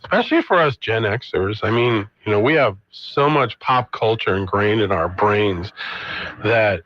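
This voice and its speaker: A man's voice: on the low side, expressive, a little slow, no echo. Easygoing gen x guy chatting on local radio, laughs a lot, kinda muffled dry studio sound. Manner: easygoing, laughs often, trails off mid-sentence. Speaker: radio co-host. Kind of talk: casual radio chat.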